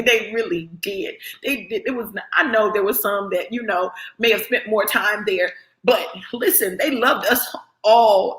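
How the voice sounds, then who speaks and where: A woman's voice: medium pitch, a bit bright. A middle-aged woman gives a personal motivational talk. She speaks earnestly and often checks in with the listener by asking "right?". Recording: roomy echo.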